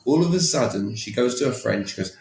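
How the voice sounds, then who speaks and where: A man's voice: mid-range voice, animated, a little fast, gravelly, a little mellow, reverberant. A man talking as a podcast guest, emphatic and coaching in tone, often repeating words and asking rhetorical questions. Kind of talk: conversational coaching talk.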